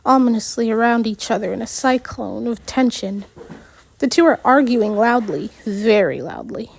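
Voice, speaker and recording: A woman's voice: a little high, animated, moderate pace, vocal fry, slight background noise. A woman narrating a novel in the first person, with slips and retakes. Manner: unpolished reading with slips and retakes. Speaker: audiobook narrator.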